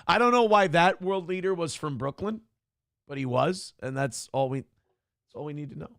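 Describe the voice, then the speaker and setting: A man's voice: on the high side, moderate pace, a bit bright, no room sound. A man hosting a morning livestream show, chatting in a crude, sarcastic, rambling way from a small studio. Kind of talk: casual livestream chat.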